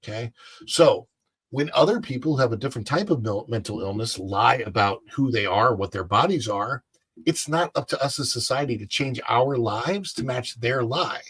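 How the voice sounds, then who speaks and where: A man's voice: medium pitch, expressive, normal speed, fairly bright tone, husky, no echo. A man co-hosting a casual chat show, talking in a rambling, opinionated way with lots of restarts. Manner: rambling, many fillers and restarts. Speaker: co-host.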